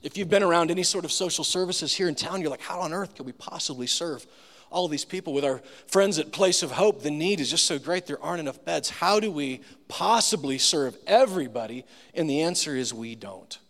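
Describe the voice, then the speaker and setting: A man's voice: fairly high pitch, animated, a little fast, few pauses, a bit bright. A man preaching a sermon as pastor, telling personal stories in a casual, self-deprecating way. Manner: conversational storytelling, self-deprecating humor. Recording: long reverb of a large room.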